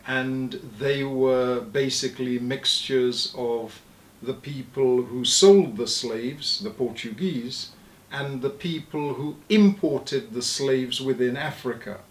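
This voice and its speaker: Slow, measured male linguist; roomy interview sound. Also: mid-range voice. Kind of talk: explanatory interview talk.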